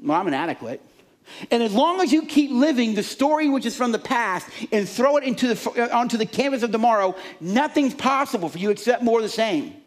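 A male pastor preaching a sermon, animated, acting out the voices in people's heads and the fans in the stands. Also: very high voice, brisk, hardly any pauses.

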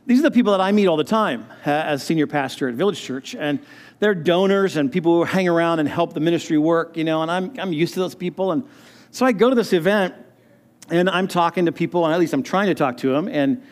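Earnest high-voiced male pastor. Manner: earnest, halting, with frequent restarts. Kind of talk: personal testimony.

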